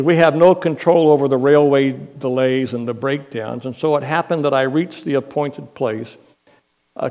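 A man preaching a sermon as pastor, telling a story in an unhurried, earnest way. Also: medium pitch, a little mellow.

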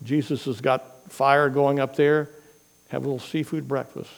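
A man preaching a sermon, retelling scripture stories with lively quoted dialogue and homely asides. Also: mid-range voice, normal speed, gravelly, in a large hall, low-quality recording. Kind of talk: sermon storytelling.

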